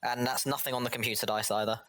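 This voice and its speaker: A man taking part as a player in a tabletop game, talking casually with halting restarts. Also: medium pitch, steady tone, very noisy. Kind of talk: casual chat.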